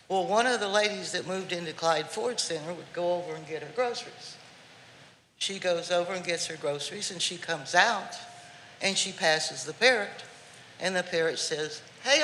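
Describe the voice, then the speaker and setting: A woman's voice: fairly low pitch, fairly bright tone, a little hiss or hum. A woman telling a folksy, playful story during public comment at a city council meeting, in an echoey chamber. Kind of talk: storytelling at a podium.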